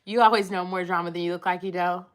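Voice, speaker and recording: Woman, livestream host, casual rambling talk, lowish voice, reading chat comments. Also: steady tone, fast talker. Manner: rambling, chatty, reads and answers chat comments.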